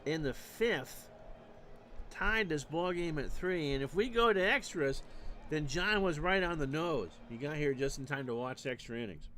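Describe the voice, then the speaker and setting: A man's voice: fairly high pitch, fairly bright tone, a little hiss or hum. Stat-heavy male baseball announcer. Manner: measured, stat-heavy, dry asides. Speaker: play-by-play announcer. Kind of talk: replay baseball commentary.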